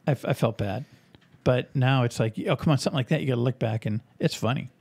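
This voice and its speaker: A man hosting a podcast, casually telling an animated story and acting out the voices of people in it. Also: mid-range voice, fast, vocal fry, dry recording. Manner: animated anecdote telling, acts out quoted voices. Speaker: podcast host and author.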